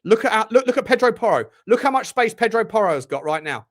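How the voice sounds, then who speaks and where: A man hosts a live football watchalong from his room at home, swearing and yelling at the players between stretches of commentary. His voice sits fairly high and swings widely in pitch. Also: very animated, quick pace. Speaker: football channel host.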